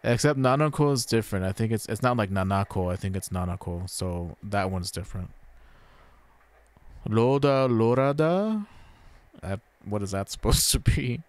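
A man streaming a game, casually explaining Japanese pronunciation and repeating words slowly as he thinks aloud. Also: fairly low pitch, no room sound. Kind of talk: casual gameplay commentary.

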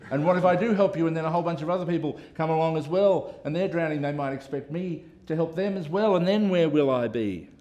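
Man putting on a smug bystander, higher pitched, self-righteous, excuse-making. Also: fast, hardly any pauses, darkish tone, lo-fi sound, close to an everyday voice. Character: smug bystander refusing to save a drowning person.

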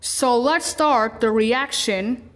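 A woman hosting a reaction video, talking in a casual, unhurried and loosely rambling way. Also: a little high.

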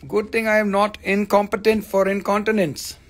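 A man with a high-pitched voice sells rocks on a live stream at a moderate pace. The talk is casual and animated, peppered with jokes and swearing.

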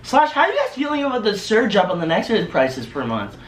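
A young man hosting a casual, joking group chat while eating, loud and excitable. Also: high voice, fairly quick, reverberant, far from the mic, slight background noise. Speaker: YouTube host. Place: room at home.

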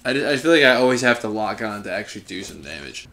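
Lively, sarcastic young man playing games. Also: fairly low pitch, fast. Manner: sarcastic, exasperated running commentary. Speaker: let's play host. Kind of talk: gameplay commentary.

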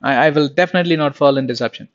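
Man preaching, slightly higher voice, lo-fi sound. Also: racing. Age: young adult. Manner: conversational preaching, asks the listeners questions. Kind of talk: sermon.

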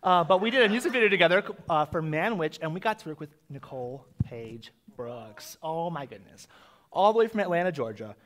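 A man's voice: fairly high pitch, expressive, a little fast, a bit bright. A man hosting a live drag comedy game show on a theater stage, with campy, rambling, self-mocking banter into a handheld microphone.

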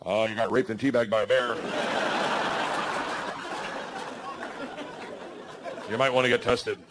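A man's voice: mid-range voice, fairly even intonation, fast, background noise, pitched below the performer's own voice, lightly acted. A man voicing a laconic male producer from the far north of Minnesota, dry and matter-of-fact. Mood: deadpan.

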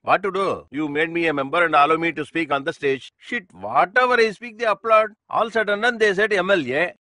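A man's voice: a little high, brisk, pushed and bright, no echo. A man dubbing a brash, boastful upstart politician in a movie, mocking and swaggering. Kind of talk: movie dub. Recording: dry dub with faint music.

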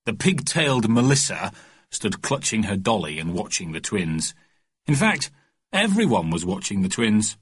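A male narrator reads a children's storybook with a lively, expressive delivery. His voice is slightly husky, and his pitch moves around a lot. The sound is dry and close. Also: moderate pace, no echo. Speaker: audiobook narrator.

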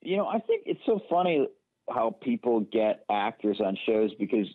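A man from Detroit, a TV writer, talking casually as an interview guest, rambling and telling animated stories. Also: medium pitch, moderate pace, no echo. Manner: rambling, animated storytelling with quoted voices. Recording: dry, phone-like narrow sound.

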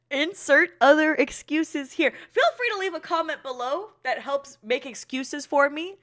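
An anime reaction channel host chats casually, giggling often, teasing herself and swearing in a relaxed way. Her high-pitched voice is fairly bright and moves at a measured pace.

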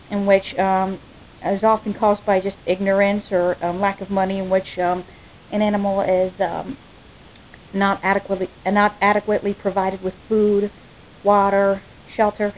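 An American woman talking earnestly and off the cuff in a home vlog, halting and restarting often with many ums, sounding choked up. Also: medium pitch, little pitch movement. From United States. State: choked up, near tears. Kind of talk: impromptu personal vlog. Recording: tinny phone-like, faint hiss.

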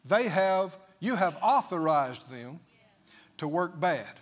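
A man's voice: fairly high pitch, big pitch swings, slow. A male preacher delivering a sermon emphatically, full of rhetorical questions.

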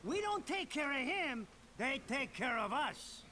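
An actor playing a crude, fast-talking mob wiseguy with an Italian-American New York accent, in a video game cutscene. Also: male voice, very high-pitched, big pitch swings, bright, forceful tone, a little hiss or hum, exaggerated voice. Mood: wisecracking.

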